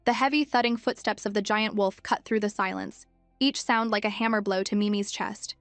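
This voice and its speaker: A woman reading a scripted story recap as narrator, in a steady storytelling manner. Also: mid-range voice, moderate pace, no room sound. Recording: dry close mic with faint music.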